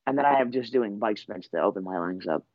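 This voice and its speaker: A wrestler in his twenties, being interviewed, tells his story in a laid-back, rambling way packed with fillers. His fairly low, expressive voice runs fast, and the dry recording has its highs cut off.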